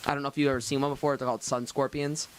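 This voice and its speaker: A man's voice: medium pitch, little pitch movement, rapid-fire, a little hiss or hum. A young man co-hosting a podcast, rambling through a story in casual chat, swearing and laughing often. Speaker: podcast co-host.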